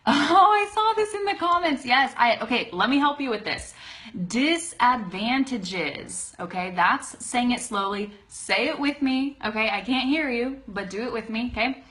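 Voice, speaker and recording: A woman teaching an English pronunciation lesson on a live stream, chatty and upbeat, greeting viewers and slowly modeling words to repeat. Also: fairly high pitch, fairly bright tone. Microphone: webcam close-up.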